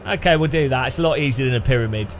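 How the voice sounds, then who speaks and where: A man's voice: mid-range voice, very fast, a little hiss or hum. A man giving rambling, jokey gameplay commentary, thinking aloud. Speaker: gaming channel host.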